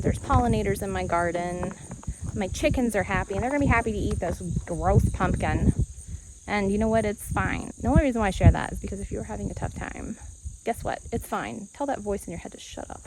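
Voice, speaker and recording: A woman's voice: medium pitch, noisy background. Candid woman vlogging outdoors on her homestead. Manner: candid, animated, laughs often. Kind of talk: casual talk to camera.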